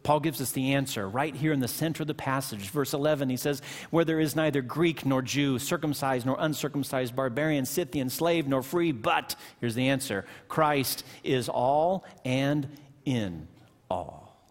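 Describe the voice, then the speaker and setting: A man, a pastor, preaching a sermon in a church, pressing hard on key words and then dropping his voice low and slow. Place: church sanctuary. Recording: long church reverb.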